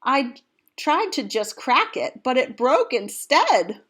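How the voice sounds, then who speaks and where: A woman voicing a cheerful, literal-minded young housekeeper in a read-aloud storybook, with a slow, bright, earnest delivery. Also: sits high, very animated, slightly rough, voice pushed up, full character voice.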